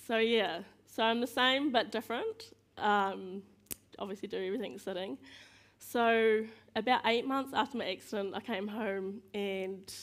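Chatty New woman telling stories. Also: medium pitch. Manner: chatty and self-mocking, laughing often; acts out other people's lines in quick voices. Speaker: guest speaker. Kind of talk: casual storytelling speech.

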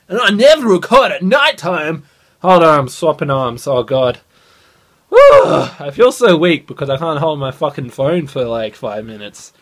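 Excitable young man vlogging. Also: on the high side. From Australia. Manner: excitable, swears a lot. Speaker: gaming channel host. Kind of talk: casual vlog. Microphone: phone held at arm's length.

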